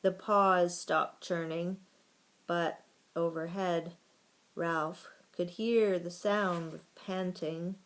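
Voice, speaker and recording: A woman reading a children's book aloud in a slow, steady storytelling manner. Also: on the low side. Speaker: reader.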